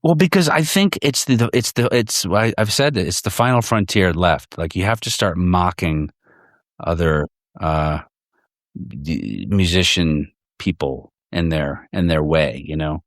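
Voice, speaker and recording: Podcast guest, male, deep voice, dry handheld-recorder sound, loose and profane, lots of restarts. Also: measured pace, no echo. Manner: rambling, profane, many restarts. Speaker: podcast guest, fellow podcast host. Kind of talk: casual in-person chat. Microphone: handheld portable recorder.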